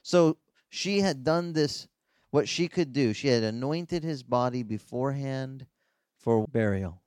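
A man, a pastor, preaching a sermon with animated delivery and sudden leaps in pitch. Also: unhurried, clean tone, dry recording, studio quality.

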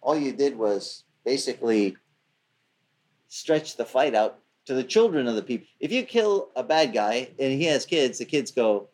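A man's voice: medium pitch, animated, moderate pace, a little mellow. A man preaching, retelling a scripture story in a loose, conversational way. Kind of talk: sermon.

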